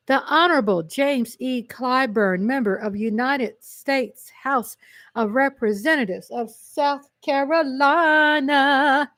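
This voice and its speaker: A woman with a Texan accent hosts a casual livestream, reading a long list of names in a fairly high voice. She chats eagerly and corrects herself when she stumbles. The sound is dry and close. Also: no room sound. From Texas. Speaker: livestream host.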